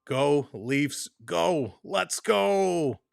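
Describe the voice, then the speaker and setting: A man's voice: on the high side, expressive, drawn-out words, gravelly. A man hosting a casual hockey livestream, out of breath, upbeat and chatty as he thanks his viewers one by one. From Canada. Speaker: livestream host.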